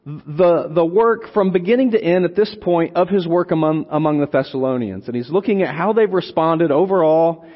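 Slow, deliberate preacher in a reverberant hall. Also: male voice, a little high. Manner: slow and deliberate, dwelling on single words; repeats and restarts phrases for emphasis. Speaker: preacher teaching on a Bible letter. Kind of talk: expository sermon. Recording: long hall reverb, dull lo-fi sound.

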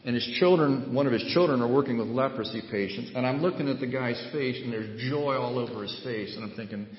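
A man preaching a sermon, moving between loud, emphatic points and quiet storytelling. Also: mid-range voice, fairly quick. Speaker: pastor. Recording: echoey hall, dull lo-fi sound.

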